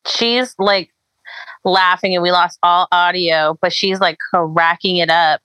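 A woman chatting casually, cutting in with quick, blunt, teasing remarks. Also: lowish voice, steady tone, bright, forceful tone, smooth, no room sound, low-quality recording. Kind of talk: casual chat.

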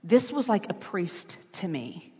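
A woman's voice: lowish voice, sing-song, takes it slowly, darkish tone. A woman telling a personal story in a sermon in a chatty, emotional way, with asides to the congregation. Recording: long church hall reverb.

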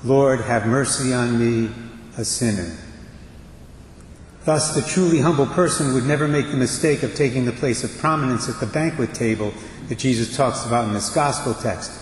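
Speaking into a pulpit microphone, a priest gives a homily at a medium pitch, measured and deliberate, with pauses between phrases. His voice carries through a church with long reverb over a faint background hiss.

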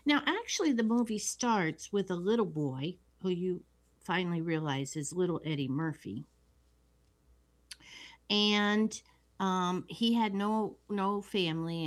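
A woman co-hosting a podcast, retelling a movie plot in a relaxed, steady way. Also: fairly low pitch. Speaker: podcast co-host. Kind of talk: casual plot recap.

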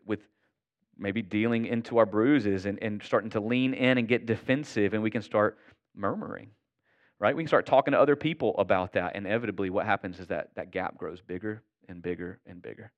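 A man's voice: fairly low pitch, moderate pace, lo-fi sound. A man who is a pastor, preaching a sermon in an earnest, conversational way and often checking in with the congregation.

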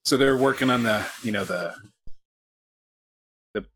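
A man's voice: medium pitch, measured pace, a bit bright, slight background noise. A man from the United States hosting a podcast, telling a long, self-mocking story in a casual way with many restarts. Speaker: podcast host.

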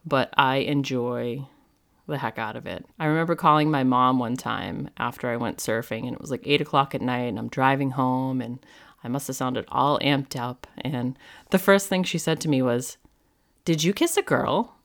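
A woman's voice: extremely low pitch, normal speed, vocal fry. A woman hosting her own podcast in a casual, rambling monologue, often saying "like". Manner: chatty and rambling, heavy use of "like". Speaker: podcast host and medium.

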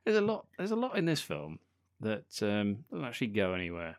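A man's voice: on the low side, wildly swooping pitch, a little fast, no room sound, studio quality. A man co-hosting a podcast, chatting about a film and often ending remarks with "isn't it?". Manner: chatty, ends remarks with tag questions. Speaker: podcast co-host. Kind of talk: casual chat about a film.

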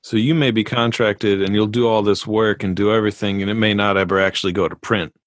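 Relaxed low-voiced podcast host. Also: male voice. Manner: relaxed, jokey, quick short replies. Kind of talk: casual podcast interview.

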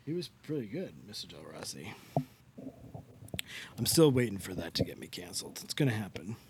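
A man's voice: lowish voice, very animated, fairly quick, background noise. A man co-hosting a podcast in casual chat, joking and rambling playfully. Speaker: podcast co-host.

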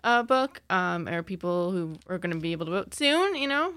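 A woman's voice: lowish voice, sing-song, brisk, a bit bright, no echo. A woman recommending books on a podcast, chatty and giggly with plenty of fillers. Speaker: librarian guest. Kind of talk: casual book recommendations.

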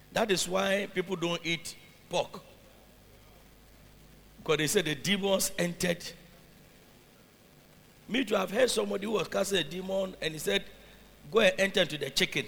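A man's voice: sits high, measured pace, vocal fry, long pauses, pushed and bright, big-room sound. A man preaching a sermon, reading scripture aloud and then explaining it, often checking that his congregation follows.

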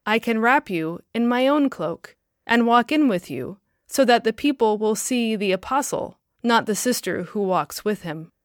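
Woman reading as a gentle kindly apostle. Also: a little high, lively intonation, a little slow, dry recording, clean studio sound. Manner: gentle and reassuring.

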